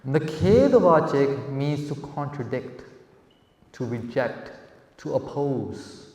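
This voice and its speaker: A man's voice: medium pitch, lively intonation, slow pace, darkish tone. A young man, teaching a classroom vocabulary lesson and often checking in with "okay?". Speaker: seminar teacher. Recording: echoey room with long reverb.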